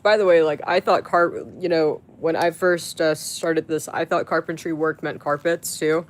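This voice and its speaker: Casual live streamer at medium pitch, rambling with constant fillers and coarse swearing at chat. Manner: rambling, heavy with fillers and restarts; crude, profane outbursts at chat.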